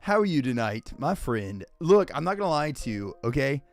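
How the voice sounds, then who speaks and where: A man's voice: medium pitch, very animated, normal speed, no room sound. A man hosting a live stream, greeting his chat one name after another. His voice swoops up and down as he exclaims and chats casually, sounding a little winded. Faint music plays behind him.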